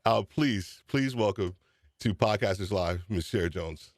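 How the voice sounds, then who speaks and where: A man's voice: on the low side, unhurried, dry recording, studio quality. A man hosting a live-streamed podcast show, chatty and upbeat, teasing his guest. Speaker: host.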